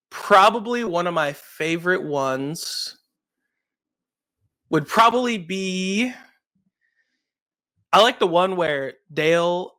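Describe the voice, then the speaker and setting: A man's voice: a little high, pushed and bright, clean tone. A man appearing as a podcast guest, talking in a thoughtful, slightly hesitant way. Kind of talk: casual podcast chat.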